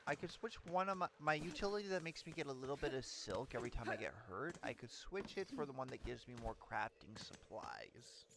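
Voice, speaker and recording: A man's voice: medium pitch, very animated, a little fast, gravelly, hardly any pauses, background noise. A young man streaming a game, joking, swearing and thinking aloud in casual commentary. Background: game music.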